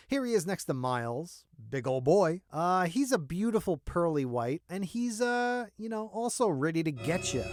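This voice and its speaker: Guy w a wrecked hoarse throat doing a jokey toy review, bouncy voice, super dry sound. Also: fairly high pitch, no echo. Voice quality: enthusiastic, jokey, talks to the viewer. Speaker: toy collector vlogger.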